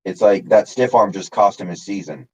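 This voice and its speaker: A man's voice: fairly low pitch, normal speed, lo-fi sound. A man casually chatting on his live stream, answering chat by name with lots of fillers. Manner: rambling, reads chat names, many fillers.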